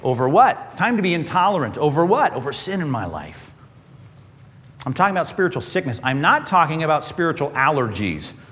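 A man preaching a sermon as pastor, animated, often acting out quoted voices. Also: a little high, brisk. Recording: long hall reverb.

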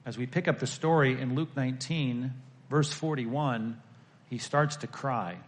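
A male pastor delivers a sermon in a mid-range voice at a slightly slow pace. He talks conversationally with his congregation, shifting between emphatic peaks and hushed lines.

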